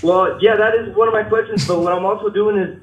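A nervous, shaky man calling into a show, talking haltingly, apologizing and restarting his sentences. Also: high-pitched, steady tone. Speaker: caller. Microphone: phone. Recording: tinny phone line.

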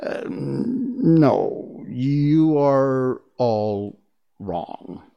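A man's voice: medium pitch, big pitch swings, slow pace, creaky, lo-fi sound, exaggerated voice. A man voicing a timid little old man posing as a great wizard, stammering and trembling as he speaks in a storybook reading. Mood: frightened.

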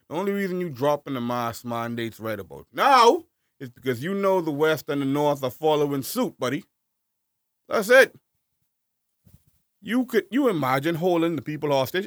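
A man co-hosting a casual podcast chat, animated and full of slang, ranting hard. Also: fairly high pitch, moderate pace, dry recording, studio quality. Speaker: podcast co-host.

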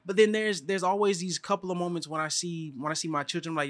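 A man's voice: high voice, fairly even intonation, fast, few pauses, fairly bright tone. A man in casual chat about fatherhood, talking emotionally, laughing and using slang. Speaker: podcast co-host, father of two daughters.

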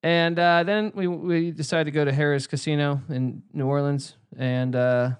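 A man co-hosting a casual sports podcast, telling stories in an animated way and swearing freely. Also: a little high, normal speed, smooth, dry recording. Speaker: podcast co-host.

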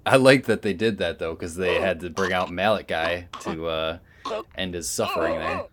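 Guy with a really low voice, casual movie podcast chat, animated and swears a lot. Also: normal speed, over a noisy crowd. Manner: animated, swears freely, acts out scenes. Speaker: podcast co-host. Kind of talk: casual film discussion.

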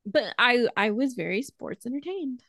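Gravelly excitable woman podcast co-host. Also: fairly high pitch, normal speed, dry recording, studio quality. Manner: excitable, swears freely, gushing. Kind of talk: casual chat.

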